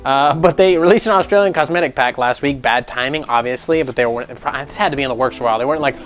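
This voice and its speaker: A young man hosting a casual gaming news show, animated and jokey, often slipping into mocking voices. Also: mid-range voice, fast.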